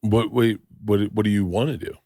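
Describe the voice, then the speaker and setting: A middle-aged man hosting a podcast, chatting casually with rambling, jokey, excitable stories. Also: lowish voice, normal speed, slightly rough, no room sound, clean studio sound. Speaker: podcast host. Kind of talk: casual chat.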